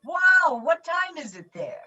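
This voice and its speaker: Animated older woman telling a story over a dull video call. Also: very high-pitched, slow, recorded from a distance. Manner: animated storyteller who acts out voices and sounds. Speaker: guest actress. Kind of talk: anecdote in a virtual conversation.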